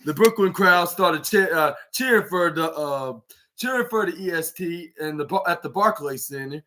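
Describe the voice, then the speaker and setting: Rambling male podcaster with a bright voice. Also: fairly high pitch, expressive, normal speed. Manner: rambling retelling, acts out quoted lines. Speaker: podcast host. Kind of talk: casual wrestling recap.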